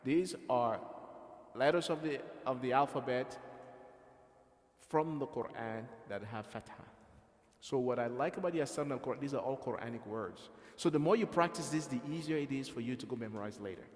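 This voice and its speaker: A man's voice: medium pitch, moderate pace. A man teaching a Quran reading class, patiently encouraging students and calling on them by name. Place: large echoey mosque hall. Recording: echoey hall reverb.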